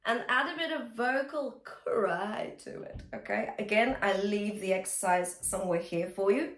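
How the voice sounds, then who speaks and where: A woman's voice: mid-range voice, normal speed, a bit bright, echoey room. A woman vocal coach teaching singing, talking the listener through exercises and singing short demonstration lines, often checking in with the listener. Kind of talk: singing lesson with sung demonstrations.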